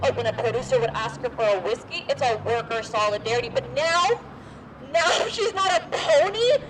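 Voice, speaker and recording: A woman's voice: fairly high pitch, animated, moderate pace, lightly acted. A woman playing a fiery, ranting 1920s chorus girl. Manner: dramatic, ranting, gossipy. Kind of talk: live street theatre. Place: outdoors on a street. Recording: outdoor street noise.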